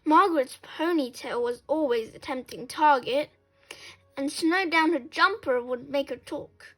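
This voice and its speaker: A woman reading a children's story aloud, expressive and lively, acting out sound effects. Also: sits high, measured pace.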